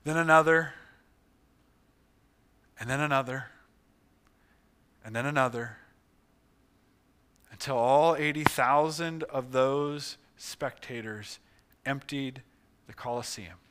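A male pastor preaching a sermon, telling a story dramatically and swinging from hushed tones to loud ones. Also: medium pitch, takes it slowly, pauses often, clear, resonant tone.

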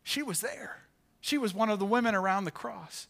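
Male pastor, sermon delivery, expressive storyteller, bright tense tone. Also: moderate pace, vocal fry. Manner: expressive, pitch rises for acted quotes. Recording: church sanctuary, live sermon.

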